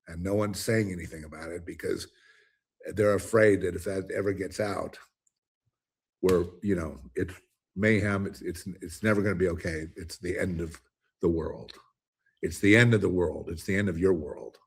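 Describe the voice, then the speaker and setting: A man's voice: low voice, gravelly, darkish tone, husky. A man hosting his own commentary show, ranting alone in an emphatic, rambling way with many restarts. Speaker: commentary host. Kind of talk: ranting solo monologue.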